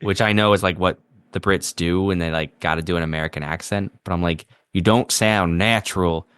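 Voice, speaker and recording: Wry, low-voiced man on a podcast. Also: fairly even intonation, fast, fairly bright tone, smooth, no room sound, studio quality. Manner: wry, sardonic, quotes lines with mock voices. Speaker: podcast co-host. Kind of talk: casual movie review chat.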